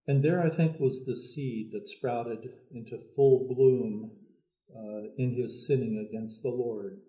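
Male preacher giving a thoughtful, paused sermon; echoey and lo-fi. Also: medium pitch, fairly even intonation. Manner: measured, thoughtful storytelling with many pauses. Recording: echoey, phone-like lo-fi sound.

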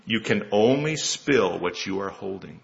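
A preacher playing a patient, wise old man in a sermon story, speaking slowly and gently. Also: mid-range voice, big pitch swings, gravelly, dull audio. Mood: gentle.

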